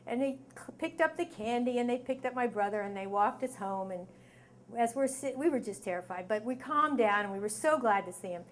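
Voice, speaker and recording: A woman's voice: on the high side, a little fast. A middle-aged woman telling a story on stage before a live audience, acting out the voices in it with sudden screams. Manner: lively, acts out quoted voices with sudden screams.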